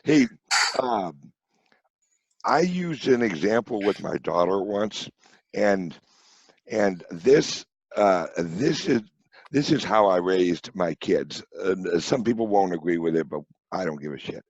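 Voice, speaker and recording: A man's voice: low-pitched, expressive, slow pace, a little mellow, breathy edge, no echo, lo-fi sound. A middle-aged man from St. Louis telling blunt, profane stories in a casual podcast chat. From St. Louis, USA. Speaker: podcast guest.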